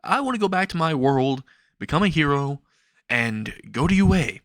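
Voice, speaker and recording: Man putting on an excitable teen boy. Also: fairly high pitch, normal speed, no echo, pitched above the performer's own voice. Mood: pleading. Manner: excitable, rambling, stammering. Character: eager nervous teen boy hero hopeful.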